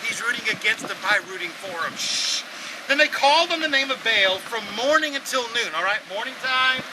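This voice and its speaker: A man preaching an outdoor sermon, telling the story in an animated, sarcastic way and acting out voices. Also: high-pitched. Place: outdoors at a campsite. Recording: windy outdoor noise.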